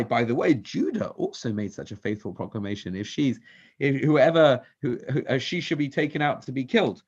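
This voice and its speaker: A man's voice: mid-range voice, animated, brisk, breathy edge. A man leading a Torah study class, quizzing the group with questions and mixing Hebrew verses into English. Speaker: Torah teacher. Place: synagogue class. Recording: dull lo-fi recording.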